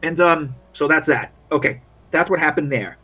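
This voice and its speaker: A man's voice: fairly high pitch, sharp tone, slightly rough. A man narrating a tabletop role-playing game as game master, rambling and restarting often. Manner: rambling, halting, many restarts.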